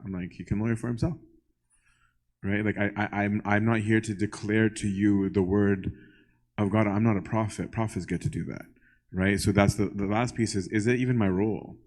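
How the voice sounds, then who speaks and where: Lower-voiced priest chatting conversationally. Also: male voice, fairly even intonation, moderate pace, darkish tone, low-quality recording. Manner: conversational, keeps asking "right?" and acts out little dialogues. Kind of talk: casual Q&A talk to a congregation.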